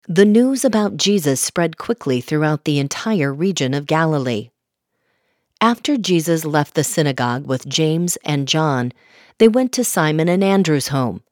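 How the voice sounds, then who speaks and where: A woman reads scripture aloud in a measured, even way. Her voice sits very low for a woman. The recording is dry and close, with no room sound. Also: no room sound. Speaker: Bible reader. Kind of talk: scripted Bible reading.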